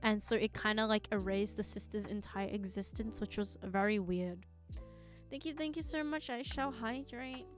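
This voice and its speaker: A woman's voice: medium pitch, normal speed, faint music behind. A young woman streaming live, chatting casually to her viewers in a rambling way and giggling often.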